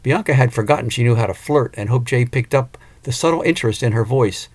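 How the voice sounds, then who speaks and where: A man narrating an audiobook, expressive, with an occasional small restart. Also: mid-range voice, fairly quick.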